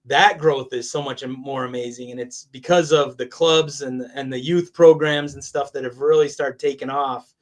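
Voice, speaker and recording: A man's voice: medium pitch, fairly even intonation, normal speed. A man guesting on a sports podcast, talking in an enthusiastic, conversational way and laughing often. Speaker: guest, college athletics communications director. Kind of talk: casual interview chat.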